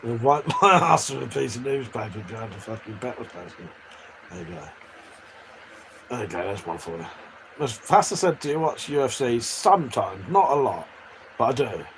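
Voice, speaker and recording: A man's voice: medium pitch, sing-song, normal speed, a bit bright, poor audio. An English man chatting casually and crudely on a live stream, reading out chat messages and laughing often. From England. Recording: faint background noise.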